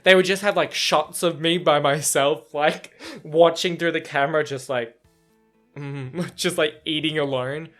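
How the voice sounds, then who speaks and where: A man's voice: a little high, fairly even intonation, unhurried, fairly bright tone, faint music behind. A man chatting casually in a reaction vlog about a book chapter, rambling with lots of fillers, restarts and swearing.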